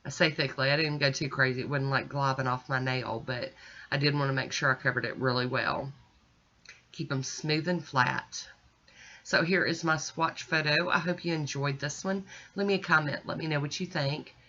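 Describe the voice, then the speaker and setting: A woman's voice: very deep voice, fairly even intonation, normal speed, pushed and bright, highs cut off. A woman chatting casually as she narrates each step of her nail art, self-deprecating and easygoing. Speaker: nail art video creator.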